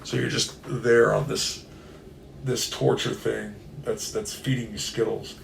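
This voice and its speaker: A man co-hosting a podcast, telling a rambling comic story in a casual, animated way and slipping into silly voices. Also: fairly low pitch, a little slow, vocal fry, slight background noise. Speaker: podcast co-host. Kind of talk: casual comedic chat.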